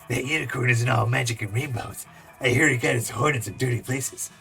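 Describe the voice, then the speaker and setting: A man puts on a shady unicorn barfly for a game, leaning in to pass along gossip in a sly, confiding tone. The voice is gravelly and comes from a little off the mic, with faint music behind it. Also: mid-range voice, steady tone, moderate pace, fairly bright tone, distant mic.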